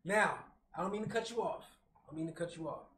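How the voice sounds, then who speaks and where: A man co-hosting a casual show, recapping a movie with animated storytelling, acting out the characters and swearing freely. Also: a little high, fast talker. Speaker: podcast co-host. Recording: echoey room with faint hum.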